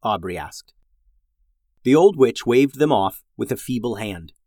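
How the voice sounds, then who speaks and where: Man, storybook narration, lively pitch, dry close recording. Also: unhurried, no room sound. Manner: expressive, animated reading.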